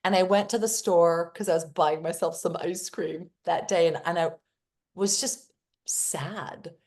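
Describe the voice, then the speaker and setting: A woman's voice: lowish voice, steady tone, measured pace, darkish tone. A woman guest on a podcast interview, telling personal anecdotes earnestly and acting out the other people in them. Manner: earnest storyteller who acts out the other people in her anecdotes. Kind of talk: casual conversational interview.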